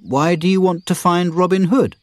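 A man's voice: sits high, moderate pace, no room sound, voice pushed up, natural voice. A man voicing a bold, cheerful outlaw leader who speaks in a commanding, good-humoured way.

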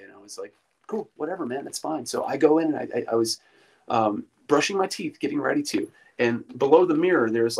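A man guest on a podcast, casually telling a rambling ghost story with many fillers and restarts. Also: mid-range voice.

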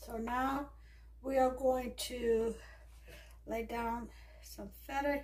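In her kitchen, a woman hosts a relaxed home cooking demo, her accent blending Southern US and New York. She speaks slowly on the high side with fairly even intonation, pausing often, her tone darkish. A slight background noise can be heard.

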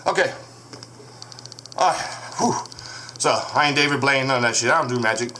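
A man talks to a camera set up in a room of his home, swearing constantly and answering his critics head-on. His voice sits at an ordinary middle pitch, and his delivery is loose, combative and informal. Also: a little fast, pushed and bright, a little hiss or hum. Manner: profane, combative, addresses commenters directly. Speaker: channel host showing haunted dolls. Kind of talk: casual vlog monologue. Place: home room with dolls and crib. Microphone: camera on a stand.

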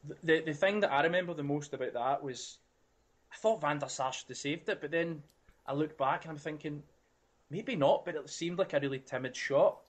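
A man's voice: a little high, a little fast. A man co-hosting a podcast, giving opinions freely and swearing casually. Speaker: podcast co-host. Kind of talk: casual chat.

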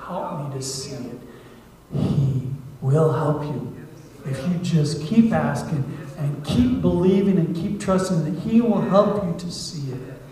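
A man preaching as a guest missionary in a church sermon, conversational, acting out prayers and dialogue, moving from hushed asides to loud appeals. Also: on the high side. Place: church sanctuary. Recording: echoey church hall, mic at a distance.

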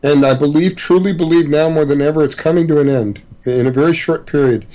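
Calm, earnest male radio guest. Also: a little high, a little fast, low-quality recording. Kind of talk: casual talk radio chat.

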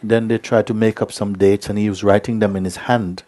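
A man giving a spiritual talk, telling a story in an unhurried way with many hesitations. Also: on the low side, level tone, warm tone. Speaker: spiritual teacher.

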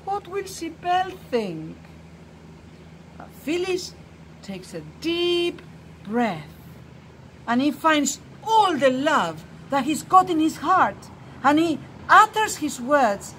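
A woman reading a picture book aloud to children, slow and expressive, dropping to a hushed, tender tone in the quiet passages. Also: high voice, a little hiss or hum. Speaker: storyteller. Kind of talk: children's story read-aloud.

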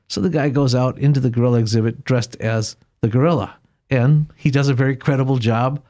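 A man, the guest of an interview, telling a long joke with animated character voices, then discussing philosophy. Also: medium pitch, a little fast, few pauses. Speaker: guest author. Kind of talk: conversational interview, storytelling jokes.

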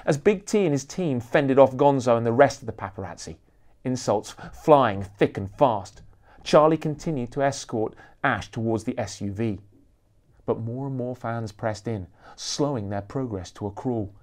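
Expressive man reading a thriller. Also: medium pitch, normal speed. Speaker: author reading his book.

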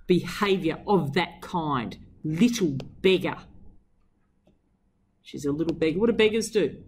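A woman teacher reads from a novel and analyses it with enthusiasm, swinging her emphasis up and down. Her voice sits on the low side, and she keeps asking her students questions. Faint noise runs behind her. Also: expressive, a little slow, a little mellow. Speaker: English teacher. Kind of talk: reading aloud and literary analysis.

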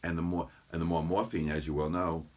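A man, a chiropractor, chatting as an interview guest and telling lively stories about his patients. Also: low-pitched, brisk, a little hiss or hum. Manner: animated anecdotes, quotes patients in voices. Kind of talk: casual interview storytelling.

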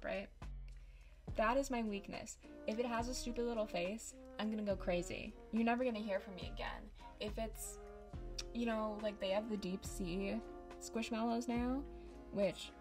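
A woman giving casual, dramatic and sarcastic commentary over a game, close on a desk microphone. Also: medium pitch. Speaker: YouTuber.

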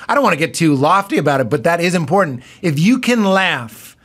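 Male comedian guest, slightly high pitch, animated chatty delivery that slips into quoted voices. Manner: animated, quick to laugh, acts out quoted voices. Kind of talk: casual podcast chat.

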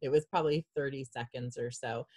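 A woman's voice: rumbling low, steady tone, fairly quick, darkish tone, husky, dry recording, studio quality. A middle-aged woman with a Southern US accent, hosting an interview in an enthusiastic, gushing way. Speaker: host. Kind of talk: casual interview chat.

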